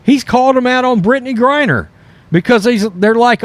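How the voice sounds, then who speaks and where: A man hosting political commentary over news clips, animated and mocking, often mimicking the people he quotes. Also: very high voice, fairly quick, no room sound. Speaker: commentary host.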